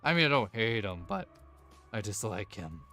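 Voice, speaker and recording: A man's voice: on the low side, very animated, moderate pace, bright, forceful tone, soft background music. A man narrating as game master of a tabletop game, rambling with many fillers.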